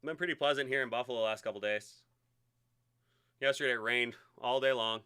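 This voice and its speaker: A man hosting a live-streamed sports card break, chatty and excitable as he hypes each card he pulls. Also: medium pitch, brisk, clear, resonant tone.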